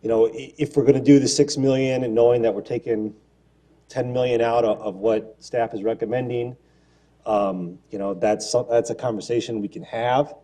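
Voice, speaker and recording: A man's voice: mid-range voice, steady tone, normal speed, dark tone. A man on a city council giving his view in a meeting, hesitant with many fillers but firm in his stance. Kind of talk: council debate.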